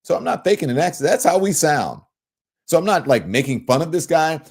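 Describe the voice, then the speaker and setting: A man from Louisiana with a softened Southern accent, hosting a livestream and reading viewer comments in an animated, emphatic way. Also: a little fast, breathy edge. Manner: animated, swooping pitch, emphatic. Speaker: show host.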